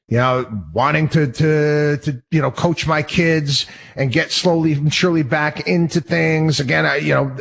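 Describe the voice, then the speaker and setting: A man's voice: medium pitch, a bit bright. A man hosting a talk show, speaking in an indignant, rambling monologue full of restarts and repeated words. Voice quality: husky. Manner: indignant and worked up. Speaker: radio talk show host. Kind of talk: casual monologue.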